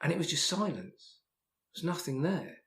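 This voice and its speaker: An English man, a podcast guest, telling a story in casual talk, halting with many restarts and repeated words. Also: fairly high pitch, big pitch swings, fairly bright tone, roomy sound. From England. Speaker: podcast guest, hiker and author.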